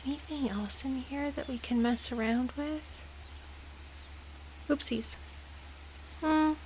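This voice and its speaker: A woman's voice: high-pitched, slow pace, darkish tone, a little hiss or hum. A woman gamer giving playful, dramatic let's-play commentary. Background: game music.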